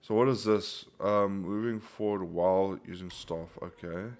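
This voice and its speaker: Male gaming host, low voice, casual play-along commentary with frustrated outbursts. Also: fairly even intonation, unhurried, a little mellow. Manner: thinks aloud, bursts into frustrated outbursts.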